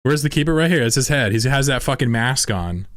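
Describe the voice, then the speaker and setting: Young male streamer, animated and crude, dead-dry mic. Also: mid-range voice, brisk, dry recording. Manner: profane, excitable, laughs often. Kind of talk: casual live-stream commentary.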